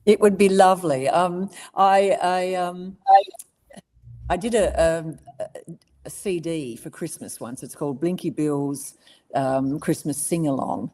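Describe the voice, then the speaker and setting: Chatty Australian woman, fairly low voice. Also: steady tone, measured pace. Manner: warm storytelling, laughs easily, many ums and restarts. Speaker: voice actress guest. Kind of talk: casual interview chat.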